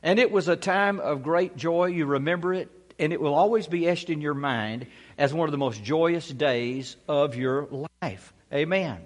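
A man's voice: a little high, normal speed, few pauses. A male pastor preaching a sermon to his congregation in a folksy way, often saying "Amen.". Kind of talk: sermon with a humorous story. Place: church sanctuary.

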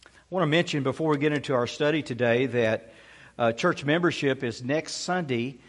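A man's voice: medium pitch, normal speed. A male pastor preaching a sermon to his congregation in a folksy way, often saying "Amen.". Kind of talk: sermon with a humorous story. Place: church sanctuary.

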